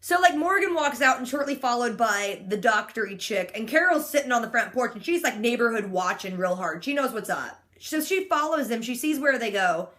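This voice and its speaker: A young woman in her twenties with a slightly high voice gives a chatty recap of a TV episode. She talks casually and sarcastically, leaning on "like" all the time. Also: animated, fairly quick, hardly any pauses, fairly bright tone. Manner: sarcastic, chatty, heavy use of "like". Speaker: vlogger.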